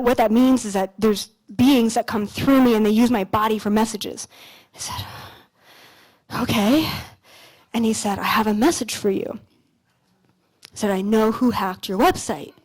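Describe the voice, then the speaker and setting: A woman in her thirties, from Canada, speaks from a stage at an expo in a slightly high voice. She tells stories in a loose, animated way, peppering them with "like" and the occasional swear word, then slows down to address the crowd directly. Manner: casual, animated storytelling with frequent "like" and mild swearing. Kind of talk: motivational stage talk with storytelling. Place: stage at a large expo hall.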